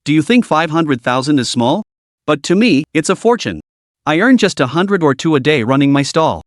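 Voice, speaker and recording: A man's voice: on the high side, very animated, normal speed, no room sound, studio quality. A man doing a blunt, bitter young vendor. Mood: sarcastic. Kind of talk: storybook narration.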